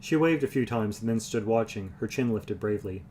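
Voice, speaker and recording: A man reading a fantasy novel aloud on a livestream, even and unhurried, with the occasional restart. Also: lowish voice, slight background noise. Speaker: reader. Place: home livestream.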